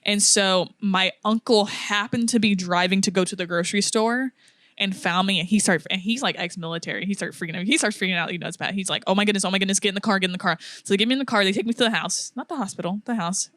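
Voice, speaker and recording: A woman's voice: medium pitch, fast talker, no room sound. Young woman telling a story, dry close mic. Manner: animated storyteller, acts out quotes, laughs often. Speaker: podcast co-host. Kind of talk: casual storytelling chat.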